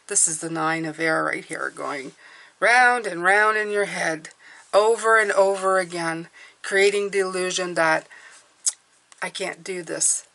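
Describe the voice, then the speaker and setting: A woman's voice: lowish voice, a little slow, bright, forceful tone. A woman reading tarot cards for her viewers, talking earnestly and encouragingly, often checking in with "okay?". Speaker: tarot reader.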